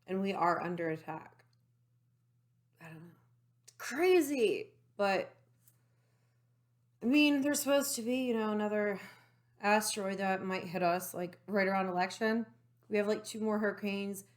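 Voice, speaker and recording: Excited rambling woman vlogging from her room. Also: mid-range voice, a little slow, long pauses. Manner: excited, rambling, many fillers and asides. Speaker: political vlogger. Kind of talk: casual monologue to camera.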